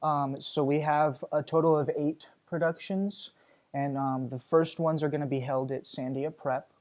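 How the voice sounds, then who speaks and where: A man's voice: a little high, steady tone, moderate pace, darkish tone. A young male stage actor talking earnestly in a casual interview, with lots of ums and you-knows. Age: young adult.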